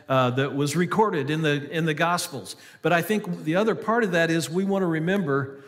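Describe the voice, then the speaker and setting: Pastor guy preaching, kinda high voice, long hall echo, earnest and halting, reads scripture out. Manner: earnest, reads scripture aloud with frequent fillers and restarts. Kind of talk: sermon.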